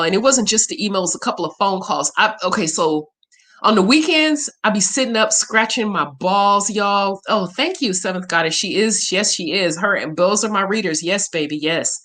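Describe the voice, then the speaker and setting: A woman's voice: mid-range voice, moderate pace, fairly bright tone. A woman hosting a casual livestream Q&A as a spiritual reader, talking in a candid, emotional and profane way.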